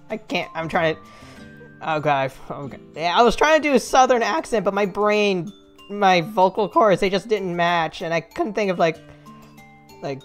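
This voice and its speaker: A woman's voice: mid-range voice, expressive, normal speed, faint music behind. Giggly young woman streaming a game. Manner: giggly, self-deprecating, rambling. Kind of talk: casual let's play commentary.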